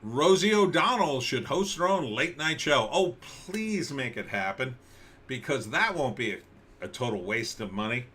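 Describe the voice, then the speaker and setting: A man's voice: medium pitch, sing-song, measured pace, bright, forceful tone, slight background noise. A man hosting a casual livestream, commenting on news with sarcasm and rambling restarts. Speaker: livestream host.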